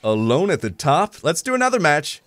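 Excitable young man gaming commentary. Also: fairly high pitch, moderate pace. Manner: excitable, makes gun sound effects, jokey. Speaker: gaming YouTuber. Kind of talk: live gameplay commentary.

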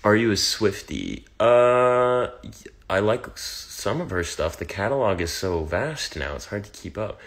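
A man's voice: on the low side, big pitch swings, a little slow, fairly bright tone. A man with an American accent, reading fan comments aloud on a phone livestream and answering them in a wry, teasing way. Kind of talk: casual livestream Q&A.

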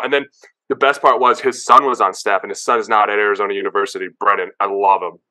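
A man in his thirties, a former football player and guest, telling stories in an excited, casual way and acting out quotes with lots of "like" and "dude". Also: mid-range voice, fast talker. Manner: animated, acts out quotes, many "like" and "dude". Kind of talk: excited casual interview storytelling.

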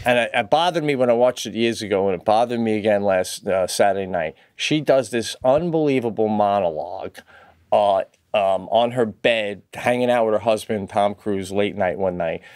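A man co-hosting a podcast in casual chat. He tells animated stories, swears freely and says "bro," jumping into loud high-pitched outbursts. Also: normal speed, clear, resonant tone, no echo, clean studio sound. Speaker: podcast co-host.

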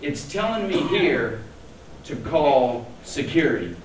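A man's voice: on the high side, sing-song, slow pace, background noise. A man voicing a fiery southern woman bank teller in an overdone mock drawl, heard from far off in an echoey hall. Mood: stern.

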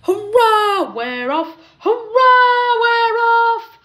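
High excited little engine, huffing, puffing, proud, woman reading. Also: slow pace, heavily acted. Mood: triumphant. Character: eager, proud little male tank engine.

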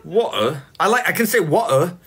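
A man hosting a casual livestream, chatting and teasing his guests in a playful, animated way. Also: medium pitch, normal speed. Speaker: livestream host.

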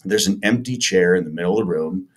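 Middle-aged man, very low voice, animated podcast storyteller who acts out the dialogue. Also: fast talker. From Chicago area. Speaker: podcast guest, former baseball player. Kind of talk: casual storytelling in a podcast interview.

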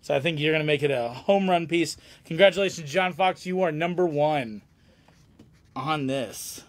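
A man hosts a live autograph signing with a somewhat high voice. He chats casually and jokes and laughs often, keeping the banter moving. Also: normal speed. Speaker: host of autograph signing stream. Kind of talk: casual chat.

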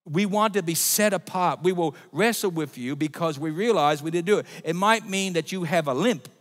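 Male pastor, sermon delivery, fairly high-pitched, punchy then hushed, long church reverb. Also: moderate pace. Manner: emphatic preaching, swings between loud and quiet.

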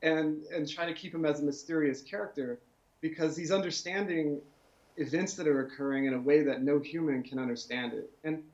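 Author guy musing out loud, kinda high voice, dull lo-fi sound. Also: fairly even intonation, a little fast. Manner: thoughtful, with fillers and restarts. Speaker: author guest. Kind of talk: casual interview answer.

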